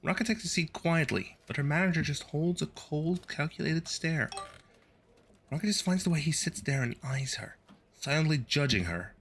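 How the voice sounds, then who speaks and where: A man's voice: on the high side, animated, moderate pace, fairly bright tone, slight background noise. A male streamer reading a video game's story text aloud and adding wry, sardonic asides.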